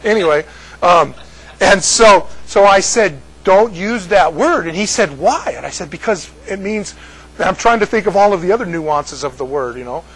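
Older American man, husky, highish voice, rambling casual storyteller. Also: expressive, normal speed, fairly bright tone, rough recording. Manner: rambling, repeats words, laughs at own story. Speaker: speaker addressing a group.

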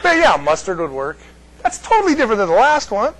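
Male Bible teacher, higher voice, loose and chatty with the class. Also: huge pitch swings, fast, fairly bright tone, a faint crowd, rough recording. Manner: chatty, jokey asides to the class.

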